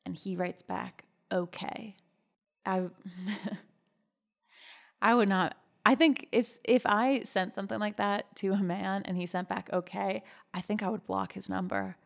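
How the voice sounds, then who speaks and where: A woman's voice: medium pitch, steady tone, unhurried, gravelly. A woman hosting a podcast in a casual, chatty gossip style, giggling and reacting with big, exaggerated disbelief. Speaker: podcast host.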